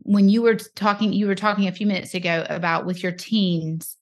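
A woman hosts a podcast in a casual, affirming way and keeps dropping in brief agreements as she talks. Her voice sits at a middle pitch for a woman. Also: steady tone, a little fast. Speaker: podcast host.

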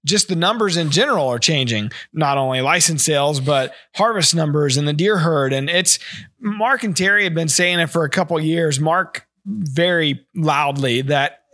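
A man's voice: on the high side, normal speed, pushed and bright, no room sound, studio quality. A man co-hosting a podcast in a casual chat, rambling through long remarks between short reactions. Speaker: podcast co-host.

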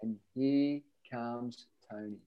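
A man's voice: medium pitch, takes it slowly, highs cut off. A middle-aged man telling running stories in a casual podcast chat, acting out the voices of the people in them. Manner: animated storyteller, acts out voices. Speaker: podcast guest runner.

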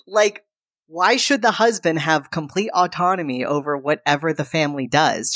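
Podcast co-host, woman, low pitch, animated storyteller voicing characters in passing. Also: dry recording, studio quality. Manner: animated retelling, acting out characters' lines. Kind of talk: casual chat recapping a film.

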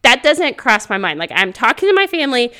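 Loud, animated woman podcast host. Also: on the high side, fairly quick, clean tone. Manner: speaks loudly; animated storytelling with frequent laughter. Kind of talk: casual motivational podcast monologue. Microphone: podcast microphone.

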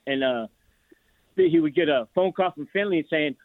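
A man's voice: fairly high pitch, normal speed, dry recording. Rambling male caller on a tinny phone line. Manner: rambling storyteller with many restarts and fillers. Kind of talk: casual phone call to a sports radio show.

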